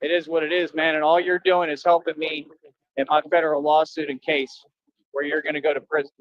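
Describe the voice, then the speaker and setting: A man's voice: fairly high pitch, flat delivery, a little fast, dry recording, lo-fi sound. A man livestreaming, talking to his viewers in a boastful, confrontational rambling monologue with slangy street talk.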